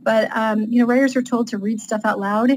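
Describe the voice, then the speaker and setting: A woman's voice: a little high, steady tone, a little fast, darkish tone, slight background noise, low-quality recording. Chatty female author explaining writing. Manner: chatty, with frequent fillers and light laughs. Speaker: author guest. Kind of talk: casual teaching interview.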